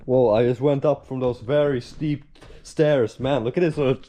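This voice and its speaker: A man's voice: mid-range voice, fairly even intonation, moderate pace, warm tone, slight background noise. A young man narrating his vlog to a handheld camera, chatty and rambling with plenty of fillers. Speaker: vlogger.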